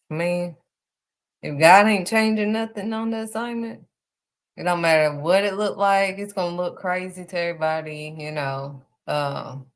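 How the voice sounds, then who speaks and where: Lady with a lowish voice preaching on a livestream, repeats herself for emphasis. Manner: emphatic, repeats key phrases. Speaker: live stream host. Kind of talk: faith encouragement talk. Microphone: streaming setup.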